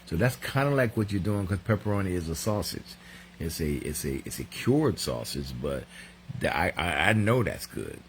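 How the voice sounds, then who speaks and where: A man's voice: deep voice, big pitch swings, a little hiss or hum. A middle-aged man, chatting casually on a live show, joking and laughing as he reads out viewer comments. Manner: joking, laughs often, drawn-out reading aloud. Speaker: co-host of a married couple's live show.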